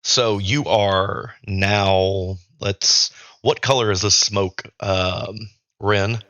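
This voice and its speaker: A man's voice: on the low side, fairly even intonation, drawn-out words, pushed and bright, no room sound, lo-fi sound. A man running a tabletop game as storyteller, ruling on rolls and narrating in a hesitant, thinking-aloud manner.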